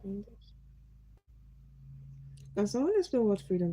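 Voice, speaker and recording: A Nigerian woman from Nigeria runs a relaxed livestream, chatting with viewers and asking them curious questions. Her voice is deep in tone, warm and mellow rather than bright, sitting at an ordinary middle pitch. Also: normal speed, lo-fi sound, slight background noise. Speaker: livestream host. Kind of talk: casual livestream chat with viewers.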